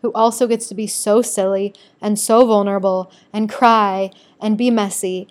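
A woman who coaches energy work and teaches yoga talks openly about her own experiences. She swears freely and talks with emotion. Her voice sits at a middle pitch. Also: steady tone, moderate pace. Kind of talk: candid personal storytelling.

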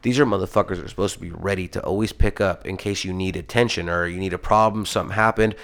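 Young male podcast co-host, rapid heated profane storyteller, low voice. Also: fairly even intonation, fairly bright tone. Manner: heated rambling storytelling, heavy swearing. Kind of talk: casual podcast chat.

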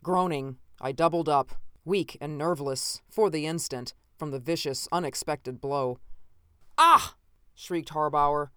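A narrator reading a first-person science fiction story in a measured, dramatic way. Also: medium pitch, clean tone, no echo, studio quality. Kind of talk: scripted audiobook narration.

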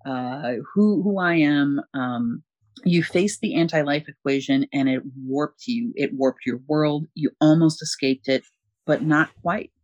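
A man voicing a stern, proud father figure speaking in a measured, paternal way. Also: fairly high pitch, muffled recording, lightly acted. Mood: solemn.

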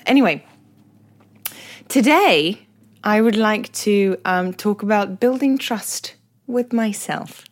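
A woman with an English accent hosting a solo podcast, talking in a candid, reflective way with self-deprecating humour. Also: on the low side. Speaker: podcast host.

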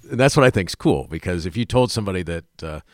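A man's voice: low-pitched, lively intonation, fast talker, no room sound, studio quality. A man hosting an interview, chatty and enthusiastic as he asks questions. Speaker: interview host. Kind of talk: interview conversation.

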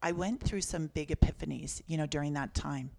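A guest author from Canada, a woman in her fifties, relates personal stories conversationally. Her low voice has vocal fry and a brisk pace, while her manner stays earnest, reflective and soft.

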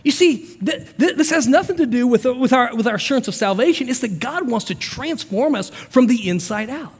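Emphatic high-voiced male preacher. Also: brisk, few pauses, long reverb tail. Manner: preaching with stories, swings from soft storytelling to emphatic. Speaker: pastor. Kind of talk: sermon.

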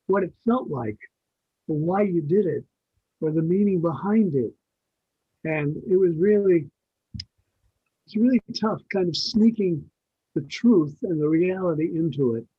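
Older guy with a husky, high-ish voice rambling through old stories, dull lo-fi sound. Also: no room sound. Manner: rambling, with restarts and asides. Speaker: guest. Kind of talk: casual anecdotal storytelling.

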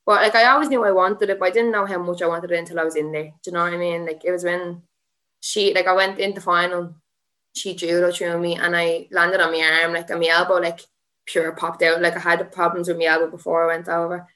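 Fast-talking young Irish woman. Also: lowish voice, level tone, a bit bright. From Ireland. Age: young adult. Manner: rambling, lots of "like", laughing asides. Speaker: guest, MMA fighter. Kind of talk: casual podcast storytelling.

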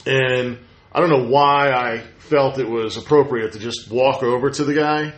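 A man chatting casually as a podcast host, telling stories with lively acted-out quotes. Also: mid-range voice, normal speed. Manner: animated storyteller, acts out quotes. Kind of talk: casual chat. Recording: roomy echo.

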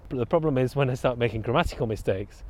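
A middle-aged man with a Bolton accent talks in a casual interview. His voice sits at an ordinary pitch, and he often restarts and corrects himself as he thinks aloud. The tone is relaxed and conversational. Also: fast talker. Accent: Bolton, northern English. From Bolton, England. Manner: thoughtful, with frequent restarts and self-corrections. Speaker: interview guest.

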